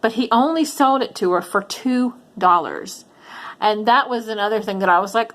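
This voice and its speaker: A middle-aged woman vlogging about her resale finds and telling a long story in a casual, animated way, with lots of ums and false starts. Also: on the high side, moderate pace. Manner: chatty, animated retelling with frequent ums and restarts. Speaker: reseller vlogger.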